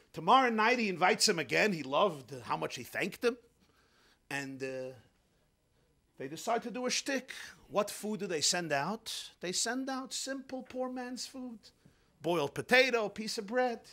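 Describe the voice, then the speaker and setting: Animated high-voiced rabbi telling a story. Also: male voice. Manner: animated, swings from hushed to shouting, acts out characters. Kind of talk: sermon storytelling.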